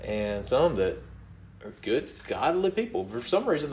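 Man, middle-aged pastor, sermon, conversational, chuckling, animated pitch. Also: unhurried, gravelly, roomy sound, slight background noise. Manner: conversational preaching with frequent chuckles and "you know what?".

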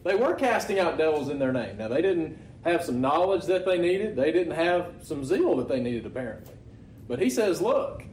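A pastor preaching a conversational sermon, often asking the congregation rhetorical questions. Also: male voice, fairly high pitch, very animated, normal speed, a little mellow, roomy sound, a little hiss or hum, rough recording.

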